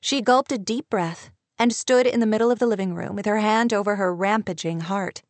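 A woman's voice: medium pitch, brisk, hardly any pauses, dry recording. Woman narrating a romance audiobook. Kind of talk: scripted narration.

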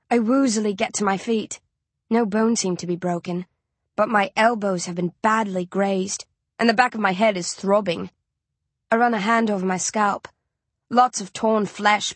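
A woman's voice: mid-range voice, moderate pace, dry recording. Casting: female audiobook narrator, tense first-person storytelling, dry close studio sound, mid-range voice.

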